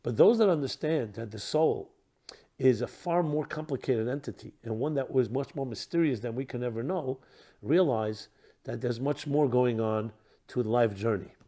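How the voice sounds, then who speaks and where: A man speaking as a rabbi in a reflective teaching talk, posing rhetorical questions and trailing off softly at the ends of phrases. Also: medium pitch, moderate pace.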